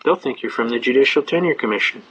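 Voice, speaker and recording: An older man talks at a middling pitch in a folksy, rambling way, drifting from one courtroom anecdote to the next with plenty of "uh" along the way. The recording is dull and lo-fi, with the top end rolled off. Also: animated, fast, fairly bright tone, slightly rough. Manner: rambling, chatty storyteller with frequent uh fillers. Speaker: speaker on citizens' rights.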